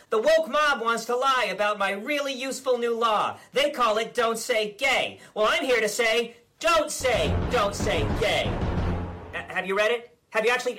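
A man's voice: sits high, bright, forceful tone, exaggerated voice. A man playing a smug, blustering middle-aged governor in a satirical sketch, stammering and ranting. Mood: boastful.

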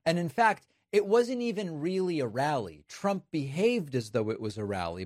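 Male commentator, mid-pitched, dead-dry close mic, emphatic and sarcastic. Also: no room sound. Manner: emphatic, numbered points, sarcastic. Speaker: political commentator. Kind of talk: political commentary monologue.

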